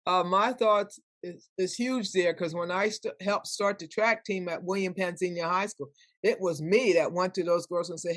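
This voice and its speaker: Older woman guest, animated storyteller, acts out voices, dry close sound. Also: on the low side, brisk, dry recording. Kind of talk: storytelling in conversation.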